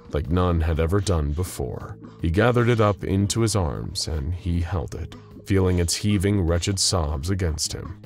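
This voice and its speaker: Very deep-voiced male storyteller. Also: gravelly, darkish tone. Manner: dramatic storyteller pacing. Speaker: narrator. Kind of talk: scripted story narration. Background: faint music.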